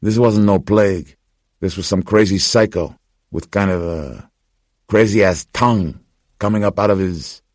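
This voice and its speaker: Brash tough young thief, as a deep-voiced man puts him on. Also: unhurried, darkish tone, no echo, studio quality. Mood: defensive. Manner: brash and defensive, swears.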